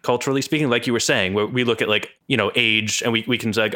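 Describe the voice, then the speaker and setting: Podcast guy, lowish bright voice, keeps hedging and restarting. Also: fairly even intonation, quick pace, hardly any pauses. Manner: self-deprecating, hedging, many restarts. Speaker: podcast co-host. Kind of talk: casual podcast discussion.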